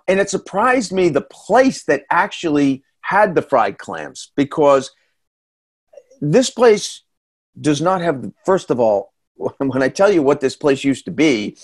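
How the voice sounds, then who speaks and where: A middle-aged man with a New England accent telling a folksy, chatty story in a casual talk, full of asides and quick questions to the listener. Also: medium pitch. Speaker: storytelling reporter and guest speaker.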